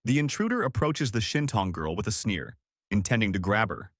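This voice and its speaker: A man reading scripted narration as he recaps a comic story, in a steady storytelling manner. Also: on the low side, a little fast, no echo, clean studio sound.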